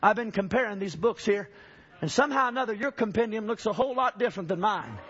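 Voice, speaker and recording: A man's voice: sits high, expressive, fast talker, lo-fi sound, noisy background, voice pushed up. A man voicing God as a patient, faintly amused male figure weary of the devil, within a sermon illustration.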